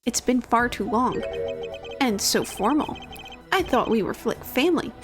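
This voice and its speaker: A gushing old man who tears up over fond memories of the past, voiced fairly high by a woman reading his game lines. He rambles warmly and theatrically, playing the harmless elder. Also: lively intonation, measured pace, music in the background. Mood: nostalgic. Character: sentimental old male chairman, jovial and teary.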